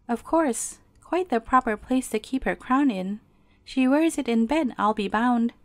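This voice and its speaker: A woman's voice: on the high side, expressive, a little slow, no echo. A woman reading aloud and voicing a cross, dismissive woman nurse who speaks coolly. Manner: cool, dismissive.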